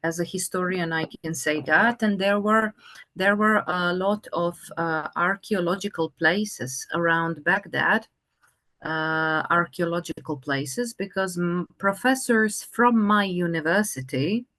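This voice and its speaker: A woman teaching an English conversation lesson, speaking slowly and patiently with many fillers. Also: fairly low pitch, sharp tone.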